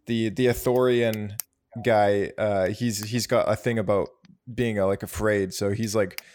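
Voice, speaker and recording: A man's voice: on the low side, steady tone, a little slow, a little mellow. A man co-hosting a casual talk show, easygoing and stumbling over restarts. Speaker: podcast co-host. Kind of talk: casual chat.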